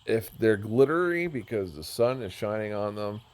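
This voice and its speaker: A man's voice: lowish voice, lively intonation, moderate pace, darkish tone. A man giving casual, rambling commentary while touring a game world, joking at himself and going off on tangents. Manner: rambling, self-mocking, easily sidetracked. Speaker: gamer touring a build.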